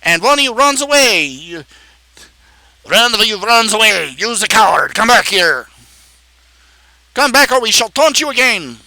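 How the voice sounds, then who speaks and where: Brief: a loud, mocking castle taunter, put on by a male streamer, sharp and dry. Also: high voice, big pitch swings, unhurried, creaky, long pauses, no room sound, full character voice, low-quality recording. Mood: taunting.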